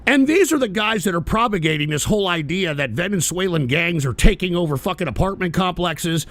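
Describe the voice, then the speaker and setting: A man hosting a live political stream, ranting with profane, scornful outbursts that rise into shouts. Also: sits high, expressive, fast, no room sound. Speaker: host.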